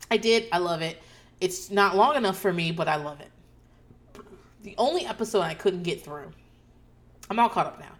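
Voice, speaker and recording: A woman hosting a podcast, recapping a show in a casual rant and swearing freely. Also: lowish voice. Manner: ranting, swears freely, animated asides.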